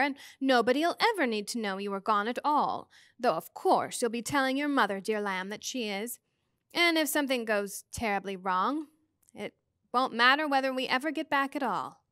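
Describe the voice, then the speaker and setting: A woman's voice: high-pitched, a bit bright, dry recording, studio quality. A woman voicing a kindly, motherly otherworldly old woman who reassures the children cheerfully.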